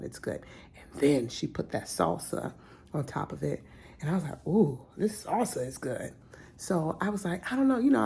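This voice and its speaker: Casual woman vlogger: low, gravelly, mellow voice, chatty, drifting into whispers. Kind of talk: casual vlog chat.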